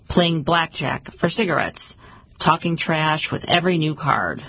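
Low husky woman narrating a story. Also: rough recording. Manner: calm, measured storytelling. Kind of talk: audiobook narration.

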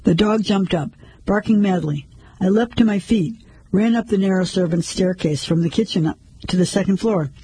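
A man narrating a first-person story in a measured, steady way. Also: high-pitched, husky, no room sound, rough recording.

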